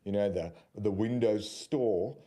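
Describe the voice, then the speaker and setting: A man co-hosting a tech podcast, talking in a measured way with fillers like "right" and "you know". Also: fairly low pitch, dark tone. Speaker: podcast co-host. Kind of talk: conversational tech podcast chat.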